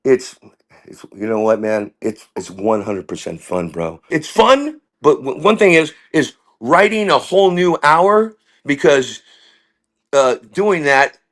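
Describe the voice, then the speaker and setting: Brief: man, comedian guest, rambling, story-driven, mid-pitched, jumps between tangents. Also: animated, measured pace, a bit bright. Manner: rambling, tangent-prone, full of restarts and voices. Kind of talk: casual storytelling chat.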